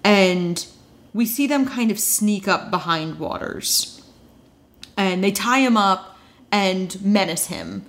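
A woman's voice: mid-range voice, lively intonation. Chatty woman recapping with wry asides. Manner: chatty, wry asides, quick quoted voices. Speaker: podcast co-host recapping a TV episode. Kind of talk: casual recap chat.

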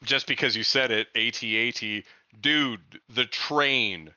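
Enthusiastic man, bright dry podcast voice. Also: mid-range voice, a little slow, dry recording. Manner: enthusiastic, laughs between points. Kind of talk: casual film discussion. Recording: dull lo-fi sound.

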